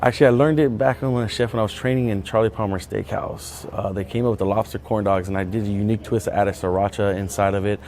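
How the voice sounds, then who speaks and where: Male chef, low voice, quick plain talk, faint music behind. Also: steady tone, a little mellow, slight background noise. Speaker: executive chef. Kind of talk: casual on-camera interview.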